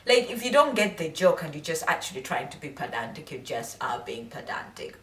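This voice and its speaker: A young woman vlogging casual commentary, lively and laughing, breaking into high mimicking voices. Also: fairly quick, distant mic. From England. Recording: echoey room, voice off-mic.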